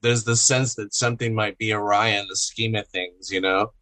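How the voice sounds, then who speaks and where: A man's voice: on the low side, fairly even intonation, normal speed, bright, forceful tone. Male host, casual talk, thoughtful wordy questions. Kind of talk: casual chat.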